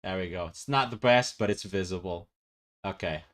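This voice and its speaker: A man's voice: low voice, moderate pace, a bit bright. A male VTuber streamer chatting casually, rambling and laughing often.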